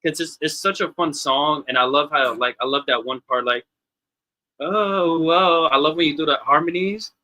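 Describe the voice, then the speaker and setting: Excitable man with a bright, sharp voice. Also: fairly high pitch, moderate pace, dry recording. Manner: excitable and gushing, swears playfully. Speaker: listening party panelist. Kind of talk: casual chat.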